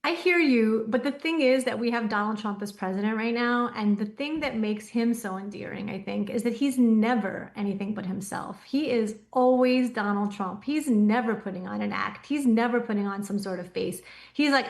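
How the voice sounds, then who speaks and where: Female guest pundit, higher voice, firm and dismissive, plainly opinionated. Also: normal speed, hardly any pauses. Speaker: guest commentator. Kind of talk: talk show discussion.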